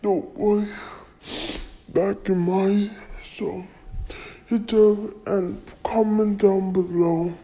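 Woman as a sleepy old turtle, crawling slow delivery, soft dark tone. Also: mid-range voice, steady tone, poor audio. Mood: drowsy. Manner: slow, drawn-out rambling.

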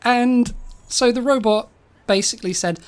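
Deadpan woman spinning a tall tale. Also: medium pitch, normal speed. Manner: deadpan, rambling tall tales. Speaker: co-host. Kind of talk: comedic podcast storytelling.

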